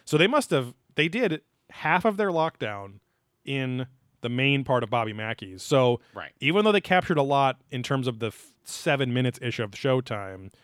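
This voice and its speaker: A man's voice: mid-range voice, sing-song, moderate pace, a bit bright, no echo, studio quality. A young man co-hosting a podcast, recapping a TV episode in loose, joking chat with lots of fillers and laughter. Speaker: podcast co-host.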